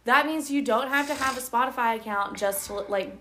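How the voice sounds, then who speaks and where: Giggly higher-voiced woman co-host. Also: fairly quick, pushed and bright, slight background noise. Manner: giggly, chatty, interjecting. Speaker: podcast co-host. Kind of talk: casual chat.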